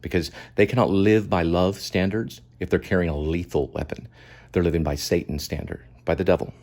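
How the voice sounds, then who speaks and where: Deep-voiced man giving impassioned commentary. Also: fairly even intonation, brisk, a little mellow, slight background noise. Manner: moralizing, emphatic, repeats points. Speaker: show host commenting on a video.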